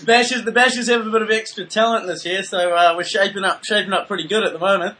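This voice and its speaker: A man's voice: high voice, fairly even intonation, quick pace. A man hosting a casual podcast, rambling in a laid-back way with many fillers. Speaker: podcast host. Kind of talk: casual chat. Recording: loud guitar music behind.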